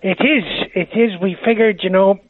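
A man's voice: sits high, steady tone, moderate pace, slight background noise. A man who heads a charity society, a guest on a radio show, calling in by phone and telling witty stories that quote poetry. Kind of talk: phone-in radio interview, storytelling. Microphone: phone line. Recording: tinny phone line, dry.

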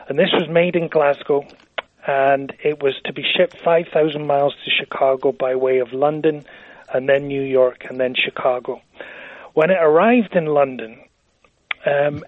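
A man calls in to a radio show over a thin, tinny phone line, his voice sitting fairly high for a man. He tells witty stories and drops in lines of poetry. The sound is dry and close. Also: dry recording. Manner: witty, anecdotal, quotes poetry. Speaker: charity society president, guest. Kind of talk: phone-in radio interview, storytelling.

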